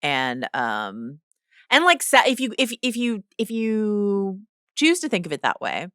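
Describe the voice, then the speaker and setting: A woman's voice: mid-range voice, very animated, measured pace, a bit bright, dry recording, studio quality. A woman co-hosting a podcast in casual chat, who keeps acting out characters' lines as she talks. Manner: chatty, acts out characters' lines mid-sentence. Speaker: podcast co-host.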